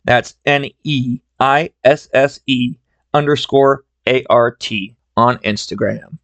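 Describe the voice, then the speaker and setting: A man's voice: medium pitch, fairly even intonation, slow pace, fairly bright tone, no room sound. Chatty male podcast host. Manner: chatty, conversational storyteller. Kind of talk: solo storytelling podcast.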